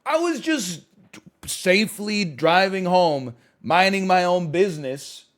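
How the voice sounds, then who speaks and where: A man's voice: high voice, lively intonation, takes it slowly, fairly bright tone. A man streaming and chatting casually, rambling, sarcastic and profane, with frequent stammers and restarts.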